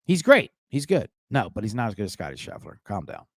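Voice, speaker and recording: A man's voice: lowish voice, wildly swooping pitch, brisk, dry recording, studio quality. A middle-aged man hosting a live sports betting show, rambling in a jokey, profane way. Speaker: sports betting podcast host. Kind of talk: casual live show chat.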